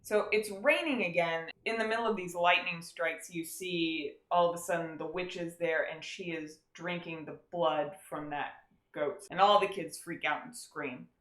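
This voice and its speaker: A woman co-hosting a podcast, casually recapping a movie as an animated storyteller who acts out scenes in quick voices. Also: on the low side. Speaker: podcast co-host. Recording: roomy echo.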